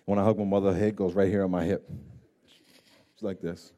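Mellow-voiced pastor preaching with passion. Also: male voice, deep voice, little pitch movement, a little fast. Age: adult parent of grown children. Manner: swings from hushed and intimate to loud, pleading emphasis; repeats phrases for emphasis. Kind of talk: sermon.

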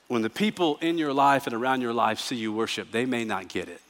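A man preaching a sermon as pastor, telling stories with humor and moving between hushed reflection and emphatic declarations. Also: mid-range voice, fast talker, few pauses. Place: church sanctuary. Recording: church sanctuary with long reverb.

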